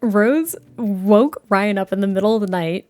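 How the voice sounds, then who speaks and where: A woman's voice: mid-range voice, measured pace, darkish tone. A young woman narrating a life-sim game story in a chatty, giggly, rambling way. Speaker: gameplay creator.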